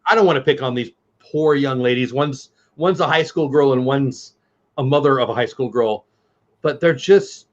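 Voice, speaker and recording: A man co-hosting a casual watch-party chat, telling blunt, animated work stories. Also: medium pitch, normal speed. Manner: blunt, animated storytelling with quoted voices. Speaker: co-host. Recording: dull lo-fi sound.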